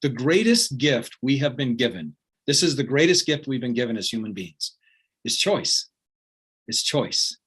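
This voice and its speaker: A man's voice: mid-range voice, very animated, normal speed, a bit bright, breathy edge. A man giving a motivational talk, earnest and conversational, often checking in with his audience. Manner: earnest, peppered with "right?" and "like". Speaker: motivational speaker.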